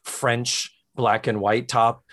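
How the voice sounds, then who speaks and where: A man co-hosting a podcast, retelling scenes in a lively casual way and acting out quoted lines. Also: medium pitch, slow. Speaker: podcast co-host. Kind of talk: casual chat.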